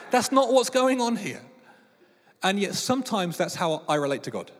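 A man, preaching a sermon with lively storytelling and playful voices. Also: high voice, moderate pace. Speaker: pastor. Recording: long reverb of a large hall.

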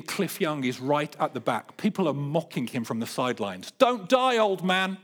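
A middle-aged man preaching a sermon, earnest and building emphasis, with playful storytelling. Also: on the high side. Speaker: pastor.

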